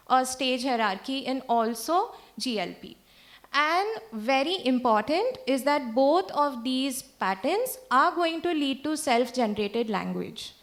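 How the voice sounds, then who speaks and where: High-voiced woman lecturing. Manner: explanatory, checks in with "right?" often. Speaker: speech-language pathologist lecturer. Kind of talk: conference lecture.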